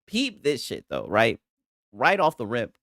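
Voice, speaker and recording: A man's voice: medium pitch, huge pitch swings, measured pace, vocal fry, fairly bright tone, no echo, clean studio sound. A young man ranting in casual commentary, rambling and profane, tagging nearly every line with "right?". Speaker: streamer.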